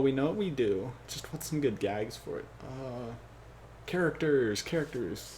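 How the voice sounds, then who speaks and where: Against a noisy background, a man with a mid-range voice talks to himself while working out a fan script, rambling, cracking jokes at himself, and letting his sentences trail off.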